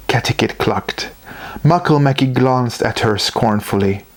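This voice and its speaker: A storyteller reading a children's story aloud in an animated, unhurried way. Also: medium pitch.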